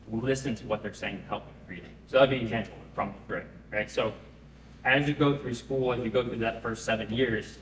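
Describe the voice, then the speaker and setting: A man giving a live pitch presentation to an audience, conversational and often checking in with them. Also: a bit bright, a little hiss or hum. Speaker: startup founder pitching. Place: event room. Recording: echoey room, mic at a distance.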